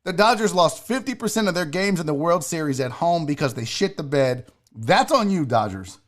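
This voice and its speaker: A man hosting a solo sports talk show, ranting loudly and mockingly with lots of swearing. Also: a little high, animated, normal speed. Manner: loud, mocking, profane ranting.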